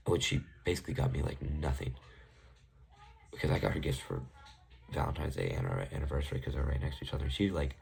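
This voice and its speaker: A man's voice: rumbling low, animated, fast talker, vocal fry, a little mellow. A young man telling a casual, profane storytime about an ex, rambling and exasperated. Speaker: vlogger.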